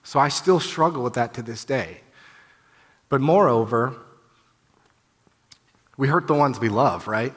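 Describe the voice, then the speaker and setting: A man's voice: mid-range voice, a little slow, long pauses, fairly bright tone, husky. Candid man speaking in a reverberant hall. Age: 30s. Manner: candid, heartfelt, conversational with many "you know"s. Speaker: conference speaker. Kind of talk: personal testimony talk. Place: conference hall. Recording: long reverb of a large hall.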